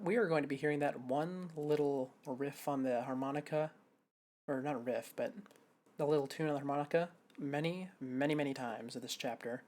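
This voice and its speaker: Low-voiced woman chatting over a game. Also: moderate pace, darkish tone. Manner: chatty, self-deprecating, thinking aloud. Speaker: streamer. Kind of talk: casual gameplay commentary.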